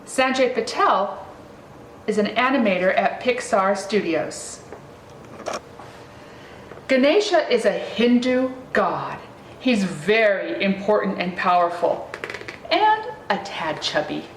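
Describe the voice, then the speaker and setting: A woman reading a children's picture book aloud in a slow, expressive storytelling manner. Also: mid-range voice, slight background noise. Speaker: reader. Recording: roomy, distant mic, faint ambience.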